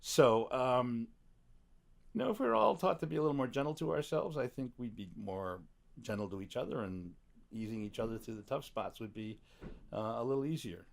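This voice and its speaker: A man's voice: medium pitch, lively intonation, fairly quick, gravelly. A man speaking as a podcast guest in a studio back room, reflective and wry, with a teasing humor. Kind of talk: casual conversation.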